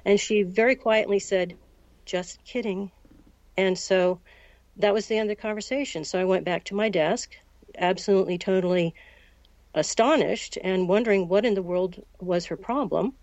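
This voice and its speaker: A woman in her sixties from the United States, recounting a personal story as an interview guest in a measured way and acting out the dialogue. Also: medium pitch, darkish tone, no room sound. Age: 60s. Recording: dull, lo-fi recording.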